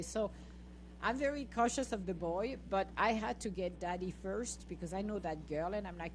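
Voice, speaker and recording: A middle-aged woman tells a lively story in a casual podcast chat, breaking into laughter and acting out her own words. Her pitch sits at an ordinary middle level, and a faint hum runs under the voice. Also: normal speed, low-quality recording. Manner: animated, laughing, acts out her own lines to the dogs. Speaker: podcast host.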